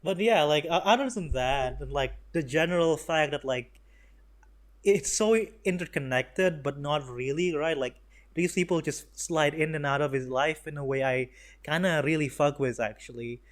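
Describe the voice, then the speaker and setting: A man's voice: fairly high pitch, normal speed. Rambling, sweary young man reviewing a movie. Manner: rambling, profane, sarcastic, lots of fillers and restarts. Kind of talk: casual spoken review.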